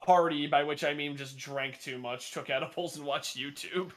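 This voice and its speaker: A man co-hosting a podcast in casual chat, laughing often and sounding relaxed and a bit worn out. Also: on the high side, moderate pace. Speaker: podcast co-host.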